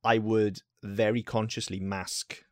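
A man's voice: fairly low pitch, level tone, slow, a little mellow, no room sound, studio quality. A Welsh man co-hosting a podcast, talking casually in a rambling way, often restarting and swearing. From Wales. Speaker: podcast co-host. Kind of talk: casual chat.

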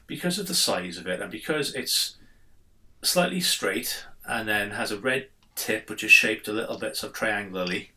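A man co-hosting a laid-back podcast, his voice very low yet bright and forceful. He rambles through his points with plenty of fillers and drops blunt swear words along the way. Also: normal speed. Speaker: podcast co-host. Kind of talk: casual chat.

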